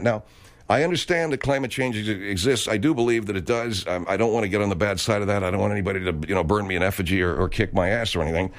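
A man's voice: fairly low pitch, fast. A man hosting a comedic radio talk show, rambling and stammering through digressions in a studio.

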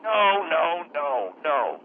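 A man doing a cranky old grandpa, a retired lawyer, who rambles and bickers on a comedy call-in. His phlegmy, gravelly voice swings up and down and comes through a tinny phone line with faint hiss. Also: a little high, very animated, drawn-out words, exaggerated voice. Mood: grumbling. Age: older. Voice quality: throat-clearing, phlegmy. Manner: rambling, combative, loses his words. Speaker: radio caller.

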